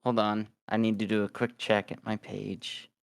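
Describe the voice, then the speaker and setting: A player in a tabletop game, speaking in a halting, deadpan way. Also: mid-range voice, vocal fry.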